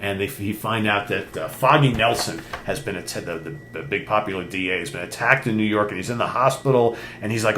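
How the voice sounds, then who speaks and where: A man's voice: fairly low pitch, brisk, fairly bright tone. An older man co-hosting a casual chat, retelling a comic book story and acting out the characters' lines. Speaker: podcast co-host. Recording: echoey room with faint hum.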